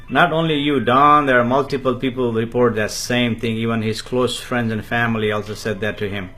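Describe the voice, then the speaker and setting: A man, talking about himself in the third person while answering viewer comments in a live spiritual talk, slow and halting with many fillers. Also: mid-range voice, fairly even intonation, sharp tone, soft background music.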